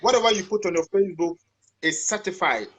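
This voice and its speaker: A man's voice: high-pitched, brisk, a bit bright, slight background noise. A man hosting a casual interview, affirming his guest and stumbling over his words as he asks questions. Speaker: interviewer host.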